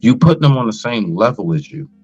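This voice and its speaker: Lively, animated man in a debate. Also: mid-range voice, brisk, breathy edge, highs cut off, soft background music. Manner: animated, jokey. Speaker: panel guest. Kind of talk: casual panel debate.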